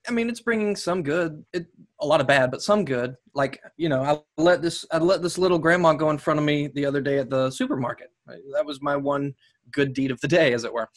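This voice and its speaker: A man doing a loose stand-up set on a video call, rambling through self-mocking jokes. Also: fairly high pitch. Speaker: stand-up comic.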